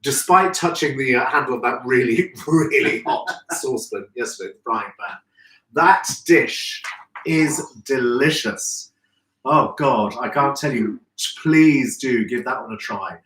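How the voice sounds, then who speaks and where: A man's voice: mid-range voice, expressive, a little slow, fairly bright tone. A man hosting a live stream, chatty and effusive, greeting viewers by name. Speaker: host of a live florist show. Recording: echoey room, distant from mic.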